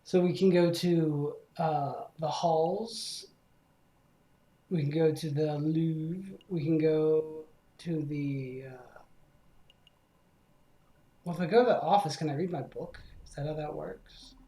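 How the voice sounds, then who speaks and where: A man's voice: on the high side, slow, long pauses, mellow, roomy sound. A young man hosting a game let's play, rambling and self-deprecating in casual commentary.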